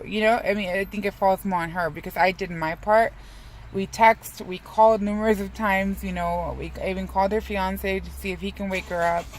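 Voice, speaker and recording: A woman's voice: on the low side, a little hiss or hum, low-quality recording. A young woman in a casual, rambling vlog who swears freely and pokes fun at herself. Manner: rambling, profane, self-mocking.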